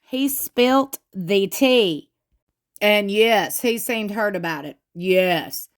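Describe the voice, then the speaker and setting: A woman giving chatty, gossipy commentary on a reality show, retelling what was said with lively emphasis. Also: medium pitch, very slow. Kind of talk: casual commentary.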